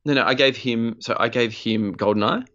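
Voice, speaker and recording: Lively Australian guy, dull lo-fi podcast sound. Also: mid-range voice, normal speed. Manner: animated, swearing, acts out quotes with laughs. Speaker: podcast co-host. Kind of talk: casual storytelling chat.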